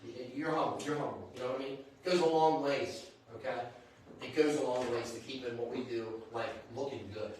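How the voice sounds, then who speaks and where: A man's voice: medium pitch, steady tone, brisk, a little mellow, slight background noise. A man hosting a live show, chatting loosely with guests and filling gaps with asides. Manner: rambling, chatty, lots of "you know what I mean". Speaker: host. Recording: very echoey hall from far off.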